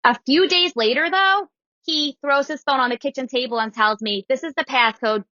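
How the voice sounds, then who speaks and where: A woman in her thirties tells a personal story in a casual podcast chat. Her voice is bright and clear, and she acts out the lines of the people in it. The sound is dry and a little dull. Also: high voice, animated, normal speed, dry recording. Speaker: guest storyteller.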